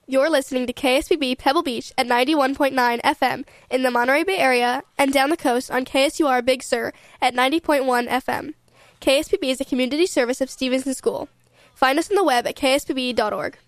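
A woman reading a brisk radio station identification. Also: high-pitched, no room sound. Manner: brisk announcer read. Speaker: station announcer.

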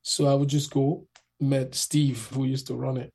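A man telling a rambling, animated story in a casual interview, acting out the people in it. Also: mid-range voice, moderate pace, creaky, slightly rough. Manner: rambling, animated, acts out the people in his stories.

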